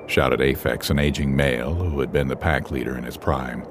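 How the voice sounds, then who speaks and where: A man narrating an animal fable in a measured, expressive storytelling voice. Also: a bass voice, noisy background.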